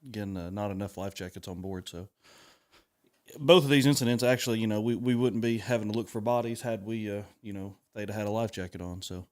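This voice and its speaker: Young guy, low voice, relaxed and kinda halting, radio guest on a studio mic. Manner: relaxed, laid-back, halting with fillers. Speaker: wildlife officer guest. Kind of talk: casual radio interview.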